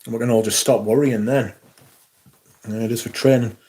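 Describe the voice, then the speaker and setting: Husky sweary man. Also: mid-range voice, fairly even intonation, normal speed, a little mellow. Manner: sweary, rambling, chatty. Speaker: fragrance livestream host. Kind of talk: casual livestream chat.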